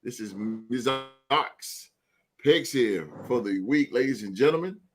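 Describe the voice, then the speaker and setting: A man's voice: medium pitch, lively intonation, measured pace, background noise. A man hosting a sports podcast in a loose, hyped way, tagging his lines with "man" and "son.". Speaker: podcast host. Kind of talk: casual sports talk.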